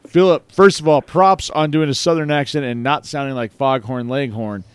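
A man's voice: medium pitch, normal speed, noisy background. A man hosting a call-in show, reacting with enthusiasm and chatting casually. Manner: enthusiastic, laughing, lively. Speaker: host.

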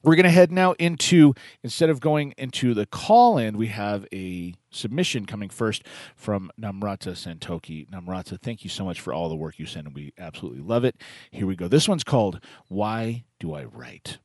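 Man, poetry show host, lowish voice, dry close sound, chatty, reads poems softly. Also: dry recording. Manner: chatty and rambling, with restarts; slow, soft reading of a poem. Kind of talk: live online show hosting and poem reading.

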